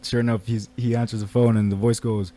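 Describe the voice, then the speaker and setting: A man's voice: on the low side, level tone, mellow. A man who is a guest on a podcast, telling a funny story in casual chat with frequent laughs. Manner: fast, laughing anecdote telling.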